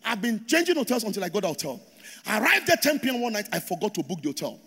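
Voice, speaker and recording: Animated Nigerian pastor, high and lively. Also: male voice, racing, creaky, breathy edge. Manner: animated preaching with call-and-response to the congregation. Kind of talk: sermon. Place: large church auditorium. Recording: long hall reverb.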